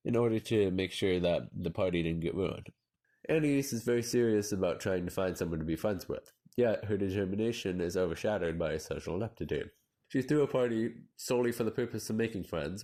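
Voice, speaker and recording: Man, deep low voice, measured analytical narration, scripted video essay. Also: a little mellow.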